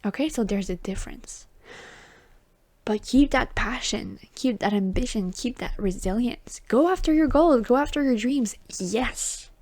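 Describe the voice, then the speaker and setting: Soft-spoken woman reading tarot. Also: a little high, animated, measured pace. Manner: soft and reassuring, often drifting into a whisper; chatty and affectionate, calls the listener baby and honey. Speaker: tarot reader. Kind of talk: intuitive tarot reading to viewers.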